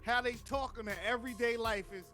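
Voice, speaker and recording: Brief high-pitched Jersey guy, easygoing profane chatter, music faint behind. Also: fairly even intonation, quick pace, pushed and bright. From New Jersey. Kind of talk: casual chat.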